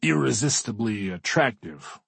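A man's voice: animated, a little slow, gravelly, slightly rough, no echo, exaggerated voice. A man voicing an eager, pushy male tech executive in an audiobook, with a raised, upbeat delivery. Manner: upbeat, salesy, slightly higher and louder. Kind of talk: audiobook character voice.

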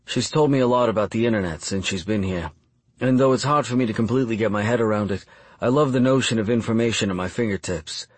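A young man reading a first-person audiobook in a calm, measured, reflective way. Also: on the low side, breathy edge, no room sound. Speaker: audiobook narrator.

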